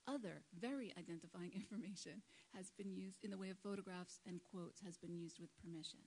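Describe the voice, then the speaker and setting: A woman giving a prepared public talk to a live audience, speaking in a measured, earnest way into a microphone. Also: on the low side, a little mellow, a little hiss or hum, low-quality recording. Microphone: microphone at a lectern.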